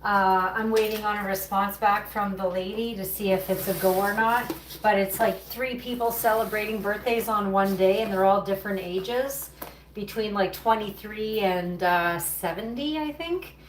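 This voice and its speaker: A home baker hosts a livestream, chatting loosely with her audience as she works and cleans up around the kitchen. Her voice sits in the mid range and moves at a moderate pace. The recording sounds distant and roomy, with plenty of kitchen noise.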